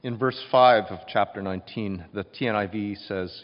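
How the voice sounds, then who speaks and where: A man preaching a sermon, telling the scene with emphatic, expressive storytelling. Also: lowish voice, fairly quick, few pauses. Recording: dull recording with long reverb.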